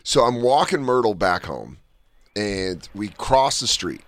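A man's voice: fairly low pitch, a little slow, no echo. A man co-hosting a casual comedy talk show, telling a story with lots of energy and acting out the voices in it. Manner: animated, acts out voices in his stories. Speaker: podcast co-host.

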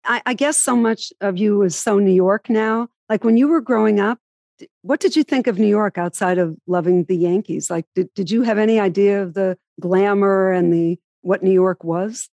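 A woman's voice: mid-range voice, normal speed, a little mellow, no echo. A woman interviewing a guest in an enthusiastic, chatty way. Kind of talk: casual interview.

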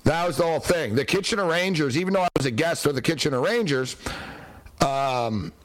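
A man's voice: fairly high pitch, fairly quick. Rambling, blunt male host. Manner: rambling storytelling with many fillers; blunt, profane and sarcastic. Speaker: show host. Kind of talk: casual livestream chat.

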